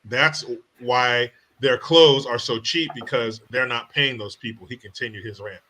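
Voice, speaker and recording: A man's voice: mid-range voice, fairly even intonation, unhurried, pushed and bright. A man hosting a comedy podcast who delivers profane, mocking rants. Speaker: podcast host.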